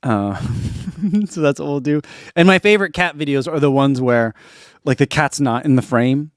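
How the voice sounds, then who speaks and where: A man's voice: a little high, lively intonation, normal speed, no room sound, clean studio sound. Laid-back man chatting on a live stream. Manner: laid-back, chuckles often, reads comments aloud. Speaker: running channel host. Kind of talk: casual live-stream chat.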